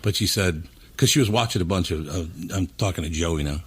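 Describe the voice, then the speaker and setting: A male talk show host with a low, husky voice, chatting casually. He tells a rambling story with lively energy. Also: fairly quick.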